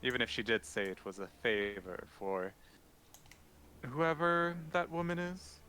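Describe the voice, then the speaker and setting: A man voicing Melfor, a stately older noble who speaks formally and gravely in a tabletop game. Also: medium pitch, very animated, unhurried, sharp tone.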